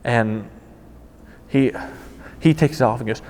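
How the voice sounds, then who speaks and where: Animated man telling a story, hall reverb. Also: mid-range voice, takes it slowly. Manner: animated storytelling, voices quoted people. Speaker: former car salesman. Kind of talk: casual spoken anecdote.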